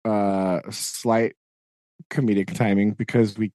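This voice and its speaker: A man co-hosting a podcast, casually retelling book chapters with lots of fillers and quick acted-out quotes. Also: lowish voice, little pitch movement, mellow, no room sound, clean studio sound. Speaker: podcast co-host.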